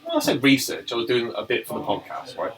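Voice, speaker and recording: A man's voice: medium pitch, wildly swooping pitch, quick pace, faint music behind, poor audio. A man, a barber co-hosting a podcast, telling stories in casual chat, swearing and laughing often.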